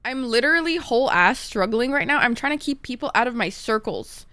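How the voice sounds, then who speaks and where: A woman's voice: fairly high pitch, lively intonation, a little fast, sharp tone, no room sound. A young woman streaming a game live, stressed, swearing and chatting with her viewers. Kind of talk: live gameplay commentary.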